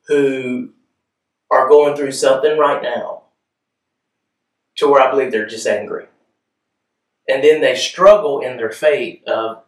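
A man's voice: mid-range voice, fairly even intonation, slow pace, long pauses, distant mic. A man preaching a sermon in a conversational way, often asking the room whether they follow. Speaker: pastor. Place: church hall. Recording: echoey room, voice from off-mic.

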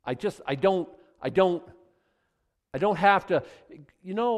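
A man's voice: high voice, a little slow. A middle-aged man preaching a sermon as pastor, acting out little voices and asides. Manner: animated, acts out voices of God and people.

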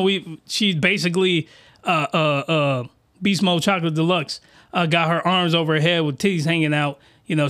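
A man's voice: a little high, a bit bright. A man giving a crude, rambling comic review, full of fillers and asides. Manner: rambling, rough-edged, with many fillers. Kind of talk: crude comedic commentary.

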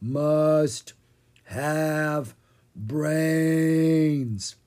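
A reader voicing a clever, brisk young female dragon in a children's storybook. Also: medium pitch, darkish tone. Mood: zombie groaning.

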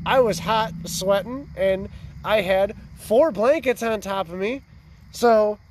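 A man's voice: high voice, slow, noisy background. A man in his twenties telling a rambling, profane story in casual chat by a fire. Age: 20s. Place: outdoors by a fire.

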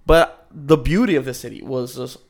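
A man's voice: medium pitch, moderate pace. A man in his thirties from Maryland, a podcast guest chatting casually with many fillers and laughs. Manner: rambling, lots of fillers and laughs. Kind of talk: casual interview chat.

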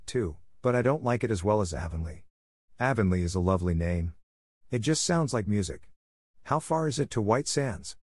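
A man's voice: lowish voice, a little mellow, dry recording, studio quality. A man reading the part of an eager, dreamy eleven-year-old orphan girl in an audiobook, in a gushing way.

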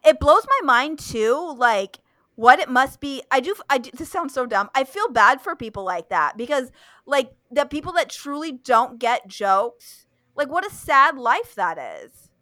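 A woman's voice: high-pitched, very animated, measured pace, pushed and bright, no echo. A young woman hosting a casual chat, blunt and profane, with lots of fillers and restarts. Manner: blunt, swears freely, many fillers and restarts. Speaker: podcast host.

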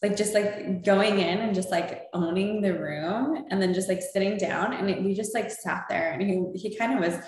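A woman's voice: mid-range voice, normal speed, few pauses, a little mellow. A woman hosting a casual chat, telling a story in a bubbly way with many fillers and frequent laughter. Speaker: podcast host. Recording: very echoey room.

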